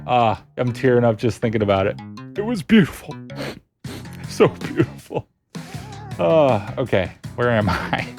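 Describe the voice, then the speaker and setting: Chatty man streaming a game. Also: medium pitch. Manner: chatty, laughs often, talks to chat. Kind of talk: casual gameplay chat with chat readers.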